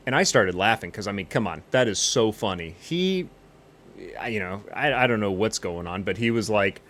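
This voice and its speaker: A man with a lowish voice rambling through an improvised comedy monologue as a pilot. He tells his story in a cocky, boastful, meandering way, full of bravado. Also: animated, normal speed, a bit bright. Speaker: comedic pilot character in a flight game stream.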